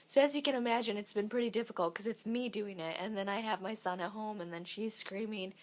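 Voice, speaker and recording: A woman's voice: mid-range voice, fast. A young woman, a mother, giving a casual vlog update while sick and losing her voice, chatty and full of ums. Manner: chatty, lots of ums and likes. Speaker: parenting vlogger. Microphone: handheld camera, shaky.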